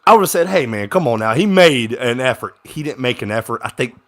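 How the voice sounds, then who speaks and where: A young man giving casual live reaction commentary on a game as a fan, swinging from low grumbling to excited shouts on big plays. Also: fairly quick.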